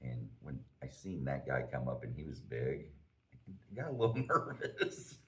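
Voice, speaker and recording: A man's voice: rumbling low, sing-song, measured pace, distant mic. A man in his forties, a podcast host, telling a profane, self-mocking story in casual chat.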